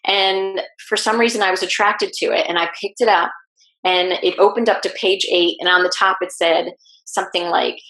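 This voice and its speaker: A woman guest telling a personal story in an interview, lively and acting out what people said. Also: mid-range voice, moderate pace. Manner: animated, acts out quoted speech. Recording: roomy echo.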